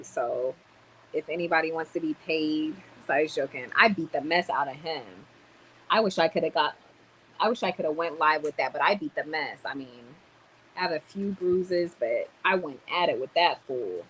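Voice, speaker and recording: A woman's voice: sits low, moderate pace, slight background noise, poor audio. Tired, chatty young woman on a livestream. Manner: chatty, animated storytelling with sudden loud exclamations. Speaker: livestream vlogger. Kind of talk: casual livestream chat.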